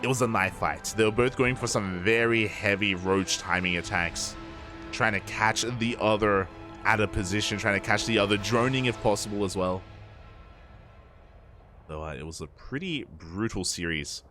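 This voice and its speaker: A man giving lively play-by-play commentary on a live game as an esports caster, joking and laughing as he talks to the chat. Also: lowish voice, moderate pace, over music.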